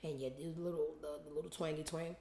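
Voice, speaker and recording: A woman's voice: sits low, fairly even intonation, fast talker, mellow. Blunt, scornful woman host in a roomy space. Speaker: show host. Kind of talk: ranting commentary. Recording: roomy echo.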